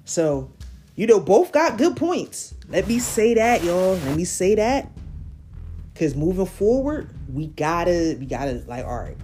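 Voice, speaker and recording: A woman's voice: on the low side, big pitch swings, a little slow, warm tone, a little hiss or hum. A woman hosting a podcast in casual chat, recapping an interview in slangy talk and often checking in with her listeners. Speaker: podcast host.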